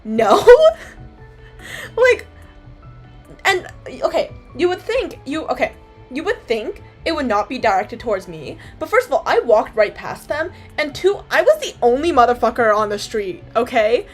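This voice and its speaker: A young woman's fairly high voice rambles on through casual chat to her stream audience, piling up "like" and "um" and swearing freely. Faint music plays softly behind her. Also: very animated, normal speed. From Canada. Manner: rambling, filler-heavy storytelling, swears freely.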